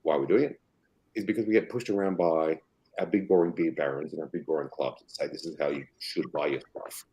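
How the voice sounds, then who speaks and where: A man with an Australian accent, a guest on a casual podcast interview, rambling and animated as he tells stories. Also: rumbling low, fairly quick, poor audio. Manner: animated, rambling, quotes others in acted voices. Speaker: association chief guest.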